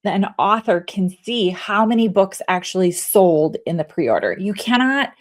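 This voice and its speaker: A woman's voice: medium pitch, moderate pace. A woman in her forties tells a personal story as a podcast guest. She talks casually and with animation, slipping into quoted inner voices as she goes. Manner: animated storyteller, acts out her own thoughts. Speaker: guest, author and leadership coach.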